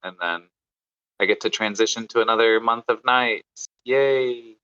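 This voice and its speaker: A man's voice: medium pitch, a little slow, sharp tone, smooth. A man, a physician guest, chatting casually on a podcast and making dry, teasing remarks over a dull, lo-fi remote recording.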